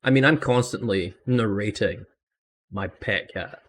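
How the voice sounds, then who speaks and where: A man's voice: on the low side, measured pace, fairly bright tone. A young man hosting a casual podcast chat, rambling enthusiastically with lots of "I mean" asides. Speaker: host and dungeon master.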